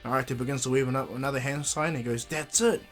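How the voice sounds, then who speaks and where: A man's voice: medium pitch, fairly even intonation, fast talker, a bit bright, faint music behind. Man rambling through a fan story. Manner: rambling, frequent fillers and restarts. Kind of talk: casual retelling of a fan story.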